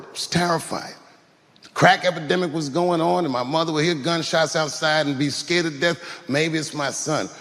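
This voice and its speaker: A man's voice: fairly high pitch, a bit bright. Reflective man speaking in a reverberant hall. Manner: reflective, addressing his mother directly. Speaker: comedian. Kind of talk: heartfelt stage speech. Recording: live venue with long reverb.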